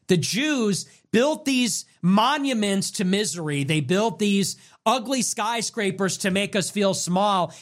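A man's voice: high voice, a bit bright. A young man hosting a livestream, ranting in a whiny, exaggerated way and piling up long lists of complaints. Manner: whiny, exaggerated complaining with swings between mock despair and outburst. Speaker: livestream host. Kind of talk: livestream rant.

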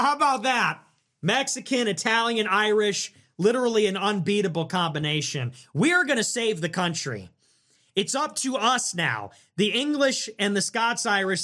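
A man hosting a livestream, chatting casually and reacting to donations in a sarcastic, provocative, joking way. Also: sits high. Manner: animated, sarcastic, provocative, jokey. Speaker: livestream host reading donations.

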